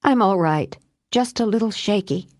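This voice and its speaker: A woman voicing a tough, blunt young witch with a quick temper. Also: mid-range voice, animated, darkish tone, no echo, studio quality, close to an everyday voice. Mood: shaky, wry.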